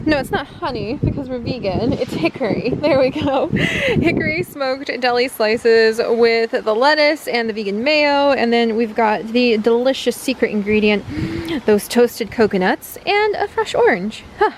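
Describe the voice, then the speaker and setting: A woman's voice: on the high side, lively intonation, moderate pace, slight background noise. A woman vlogging in a bubbly, chatty way, gushing over food and pets. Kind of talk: casual vlog chat to camera. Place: outdoors at home, then indoors.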